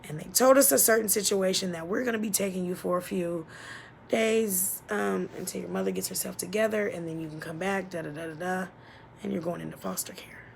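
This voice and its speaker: A woman telling a painful childhood story as a personal testimony, halting and emotional, often dropping to a near-whisper. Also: fairly low pitch, vocal fry, a little hiss or hum. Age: adult.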